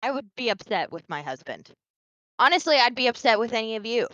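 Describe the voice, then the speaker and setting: A woman's voice: fairly high pitch, sing-song, brisk, sharp tone, dry recording, highs cut off. A young woman co-hosting a podcast, sarcastic and exasperated, swearing in casual chat. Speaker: podcast co-host.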